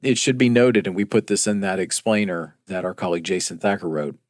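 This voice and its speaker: A man co-hosting a news podcast, walking listeners through stories in an unhurried, explanatory way, often pausing on "uh." His voice sits a little low. The sound is dry and close to the mic. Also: no room sound. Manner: measured, explanatory, frequent "uh" fillers. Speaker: podcast co-host. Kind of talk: casual news discussion.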